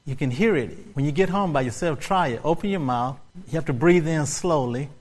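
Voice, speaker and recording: A man preaching with a slightly higher-than-usual voice, leaning on repeated phrases of praise. He builds from quiet, hushed stretches to fervent, rising exclamations. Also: brisk. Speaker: pastor. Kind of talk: sermon.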